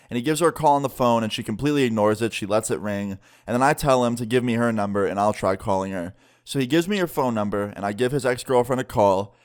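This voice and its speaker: A young man casually telling a storytime tale to the camera, chatty and often ending lines with "okay?". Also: mid-range voice. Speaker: YouTuber. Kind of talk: storytime narration.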